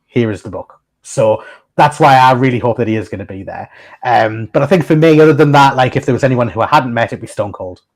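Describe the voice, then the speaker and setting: In a casual podcast chat, the male host tells his stories fast, his voice sitting in the mid range. The telling is loose and chatty, with plenty of restarts and laughs.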